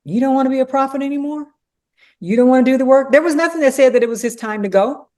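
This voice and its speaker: Casting: woman teaching Bible study, lively and chatty, acts out lines. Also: high voice, quick pace. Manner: animated, acts out dialogue, frequent "you know".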